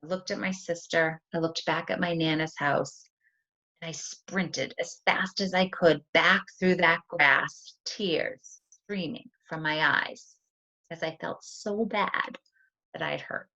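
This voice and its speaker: A woman teacher on a video call, telling a story in an animated storyteller voice for a writing lesson. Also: sits low, takes it slowly. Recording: dull lo-fi sound.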